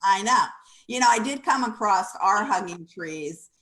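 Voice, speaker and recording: A woman's voice: mid-range voice, lively intonation, unhurried, fairly bright tone, low-quality recording. A woman co-hosting a radio talk show, speaking in a reflective, encouraging way. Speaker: radio co-host. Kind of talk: casual chat.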